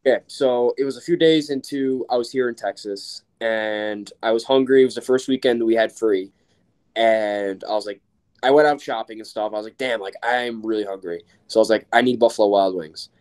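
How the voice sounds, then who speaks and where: A man's voice: lowish voice, a little fast, a little mellow. A young man from New York, a podcast guest telling a casual story with lots of fillers. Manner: rambling, filler-heavy, acts out quoted voices.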